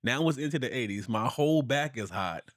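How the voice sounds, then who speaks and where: A man's voice: medium pitch, animated, brisk, a bit bright, no echo, studio quality. Laid-back man telling family stories. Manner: laid-back storytelling, laughs often. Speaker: podcast co-host. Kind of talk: casual chat.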